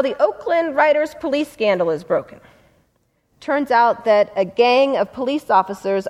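A woman, a civil rights lawyer, earnestly telling a story in a talk. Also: sits high. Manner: earnest, vivid retelling.

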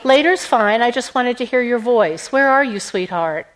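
A woman's voice: on the high side, animated, normal speed, a bit bright, pitched above the performer's own voice. A woman voicing a doting, chatty mother on the phone in an audiobook. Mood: fond.

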